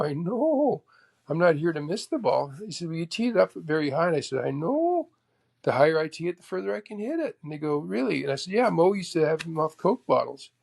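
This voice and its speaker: A man in his sixties from Canada, a guest telling animated anecdotes and acting out both sides of old conversations. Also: a little high, creaky. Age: 60s. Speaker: guest, golf professional. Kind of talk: casual storytelling chat.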